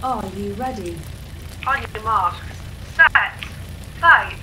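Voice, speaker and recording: A woman in game role-play on voice chat, giggly and excitable, cheering on a joust. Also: mid-range voice, takes it slowly. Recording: noisy voice chat.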